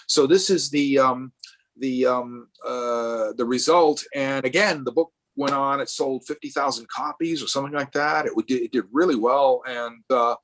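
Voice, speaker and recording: A man's voice: fairly high pitch, fairly bright tone. A middle-aged man from Rhode Island, speaking as a guest artist at a live artist event over a video call, rambling with many restarts and fillers.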